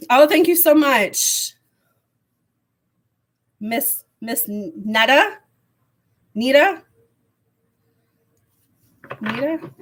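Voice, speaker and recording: A woman giving a live tarot reading to viewers, rambling and hesitant with many fillers, her voice going hoarse with frequent throat clearing. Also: sits high, animated, very slow, long pauses. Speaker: tarot reader.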